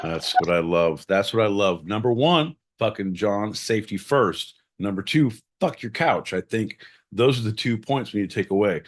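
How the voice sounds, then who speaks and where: A man's voice: lowish voice, lively intonation, moderate pace, few pauses. A man hosting a podcast, talking in a crude, boisterous, joking way. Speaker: podcast host. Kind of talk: casual podcast chat.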